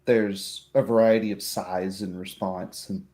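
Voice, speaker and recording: A man running a tabletop game with a lowish, mellow voice. He narrates the scene in an easygoing, descriptive way and calls for dice checks. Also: steady tone, unhurried. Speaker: game master.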